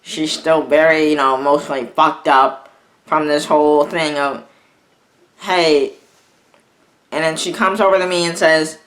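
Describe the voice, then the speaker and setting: A young man telling a personal story in a vlog, halting and rambling, often restarting his sentences. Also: on the high side, fairly even intonation, a bit bright. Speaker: vlogger.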